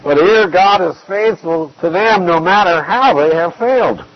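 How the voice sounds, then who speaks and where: A man giving an expository Bible teaching, measured and emphatic, repeating key phrases to drive points home. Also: sits high, lively intonation, dull audio.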